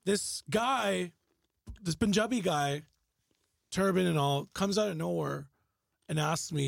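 A man with a strongly gravelly, husky voice sits at a podcast mic. He tells an animated, profane story and keeps pushing to finish it. His voice sits fairly high, and the sound is close and dry. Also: normal speed, dry recording. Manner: animated storyteller, swears freely, insists on finishing. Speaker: podcast panelist telling a story. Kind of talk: casual podcast banter.

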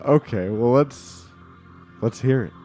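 A young man improvising a comedy sketch in an excitable, playful way. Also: medium pitch, slow, faint music behind.

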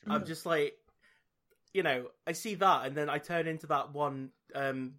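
A man hosts a loose podcast chat, wandering through his thoughts with plenty of fillers and laughs. His voice sits a little high and comes across bright and forceful. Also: a little slow. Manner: rambling, laughs often, many fillers. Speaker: podcast host. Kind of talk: casual chat.

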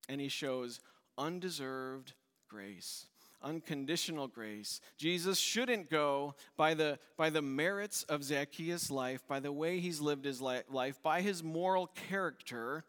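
Conversational pastor in a reverberant hall. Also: male voice, unhurried, a bit bright, clean tone. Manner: conversational, acts out quotes with shifts in pitch and volume. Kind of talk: sermon.

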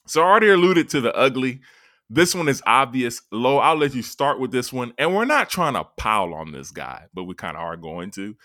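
A man hosting a sports podcast, talking casually and with strong emphasis. His pitch swings widely from line to line. The sound is dry and close, with no room echo. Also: brisk. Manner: animated, emphatic, laughs easily.

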